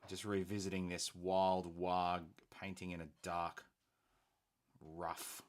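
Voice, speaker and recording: A man's voice: low-pitched, little pitch movement, slow. A man hosting a casual painting stream, joking easily with his co-host and chat. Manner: laid-back, jokey banter.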